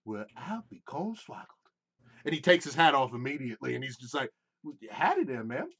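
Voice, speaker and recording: A man's voice: mid-range voice, sing-song, fairly quick, a bit bright, husky, full character voice. A man voicing a decrepit, ancient male gnome who is cheery and rowdy, talking in a folksy drawl. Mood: delighted.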